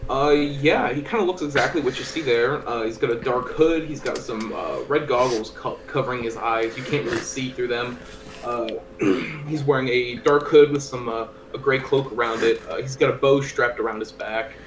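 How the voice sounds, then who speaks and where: A man's voice: mid-range voice, moderate pace, echoey room. Hesitant young man with background noise. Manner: hesitant, lots of fillers. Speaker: tabletop game player. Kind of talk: casual tabletop role-play chat.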